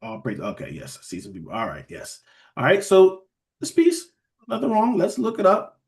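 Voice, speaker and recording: A man leads a relaxed Bible lesson online. His voice sits a bit high for a man, and his phrasing is loose and full of restarts. He keeps pausing to check that his listeners are following. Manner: conversational, keeps checking in with listeners with "all right?" and "beloved". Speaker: Bible study teacher. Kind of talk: casual online Bible teaching.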